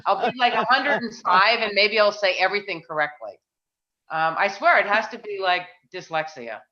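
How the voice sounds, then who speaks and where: A woman's voice: expressive, moderate pace, sharp tone. A woman chairing a town planning board meeting, chatty and self-deprecating, thinking aloud with frequent restarts. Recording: muffled low-fi meeting audio.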